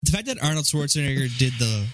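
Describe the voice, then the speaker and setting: A man's voice: medium pitch, expressive, fast talker, no room sound, studio quality. A man co-hosting a movie podcast, making wry casual comments on the film. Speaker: podcast co-host. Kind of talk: casual movie-review chat.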